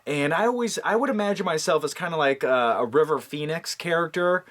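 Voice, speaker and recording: A man's voice: on the high side, expressive, brisk, fairly bright tone. A man in a casual, comedic movie vlog, jokey and rambling with lots of fillers. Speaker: movie vlogger.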